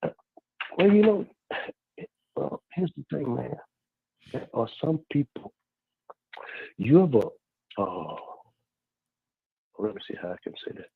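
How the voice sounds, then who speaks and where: A man calling in to a radio talk show, speaking earnestly and haltingly, with many restarts. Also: medium pitch, very animated, creaky, a little hiss or hum. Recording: tinny phone line.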